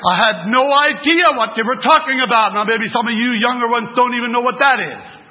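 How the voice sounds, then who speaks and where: A man's voice: extremely high pitch, a little fast. An older man preaching a sermon at a religious meeting, telling folksy, rambling stories with many restarts. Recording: tinny phone-like sermon recording.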